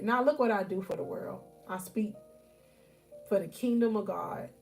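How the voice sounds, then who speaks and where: A woman's voice: medium pitch, normal speed, creaky, a little mellow, faint music behind. A woman life coach giving fervent motivational preaching on a live stream from home. She repeats her phrases and keeps calling out to her listeners as y'all. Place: at home, near her bed.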